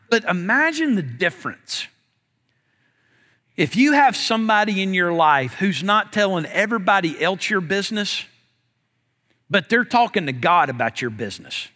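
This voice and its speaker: A man delivers a sermon in a relaxed, conversational way, often tossing in "man" as he talks to the congregation. His voice is high-pitched and bright. It rings out in a hall with a long reverb. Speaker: pastor.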